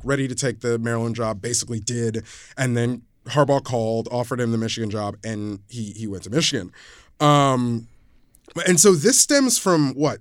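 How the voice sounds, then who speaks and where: A man's voice: medium pitch, no echo, clean studio sound. A man co-hosting a casual sports talk show, often restarting sentences as he recounts what coaches said. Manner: hesitant restarts, recounting quotes. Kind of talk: casual sports podcast debate.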